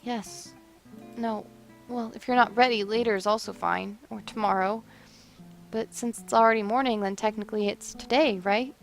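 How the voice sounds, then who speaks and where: A woman's voice: fairly even intonation, normal speed, creaky, faint music behind, natural voice. A woman voicing a remorseful young woman who breaks off her engagement, tearful and pleading, in a dramatic story reading. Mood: flustered. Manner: tearful, pleading, high and strained.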